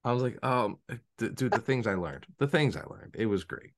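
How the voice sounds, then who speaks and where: A man co-hosting a podcast in casual chat, telling stories in an animated way with frequent restarts and laughter. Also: medium pitch, normal speed. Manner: animated storyteller, stammers and restarts, laughs often. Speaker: podcast co-host.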